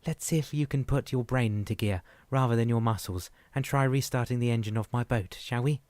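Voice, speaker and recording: A man's voice: mid-range voice, fairly quick, darkish tone, dry recording, lightly acted. A man reading an audiobook, voicing a stern little wooden-faced male boatman who lectures and gives orders in a raised voice. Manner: lecturing, commanding.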